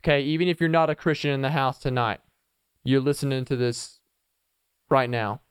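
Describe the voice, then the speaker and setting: A man's voice: medium pitch, moderate pace, clean tone, dry recording, clean studio sound. A man hosting a casual solo podcast, rambling playfully and chuckling as he goes. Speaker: podcast host.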